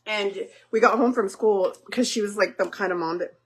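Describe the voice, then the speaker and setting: A mother hosting a livestream chats casually with her viewers while making dinner, speaking in a mid-range voice at a moderate pace. She talks directly to them and uses lots of fillers.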